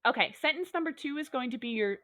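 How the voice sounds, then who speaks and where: A woman's voice: high-pitched, animated, quick pace, a bit bright, no echo. A woman teacher giving a recorded online lesson, upbeat and a little goofy, talking students through examples step by step.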